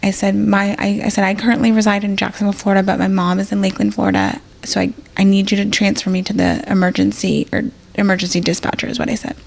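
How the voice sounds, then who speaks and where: A woman's voice: medium pitch, flat delivery, fast, vocal fry, hardly any pauses. A woman, an emergency nurse, telling a personal story as a podcast guest in a casual, rambling way, acting out what people said. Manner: rambling, full of fillers and acted-out quotes.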